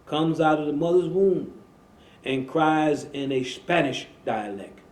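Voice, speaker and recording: A man's voice: fairly high pitch, animated, darkish tone. Preaching man with an emphatic, roomy voice. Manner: preaching, slow and emphatic, repeating phrases. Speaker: imam and show host. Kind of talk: religious talk radio conversation.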